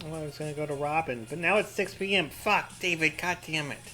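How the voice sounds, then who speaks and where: A man's voice: on the high side, a little fast, bright, forceful tone, faint music behind. A man giving rambling, profane let's-play commentary, full of crude jokes and sarcastic mock rants. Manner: mock-ranting with sarcastic asides. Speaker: gaming commentator.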